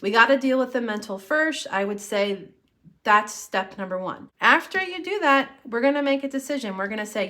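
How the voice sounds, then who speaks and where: A woman's voice: fairly high pitch, lively intonation, moderate pace, bright, forceful tone. A woman giving a casual tarot reading to camera, earnest and encouraging as she speaks straight to the viewer. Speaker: tarot reader.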